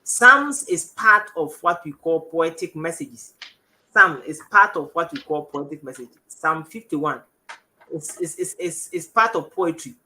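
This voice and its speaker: A man's voice: on the high side, sharp tone. A man with a Ghanaian English accent teaching the Bible on television in a studio, reading verses aloud and often stopping to correct himself. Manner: halting, self-correcting, reads verses aloud.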